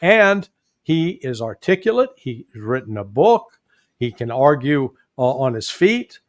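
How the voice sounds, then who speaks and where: A man with a Midwestern accent, a guest commentator talking politics in a folksy, animated way with joking asides. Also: medium pitch, unhurried, no echo, studio quality. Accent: Midwestern American.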